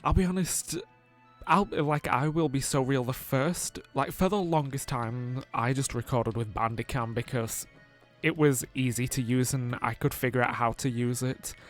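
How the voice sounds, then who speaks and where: A man's voice: medium pitch, fairly even intonation, moderate pace, soft background music. A man casually commentating a video game, rambling and chatty, with frequent laughs and filler words. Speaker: gameplay commentator. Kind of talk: casual let's play commentary.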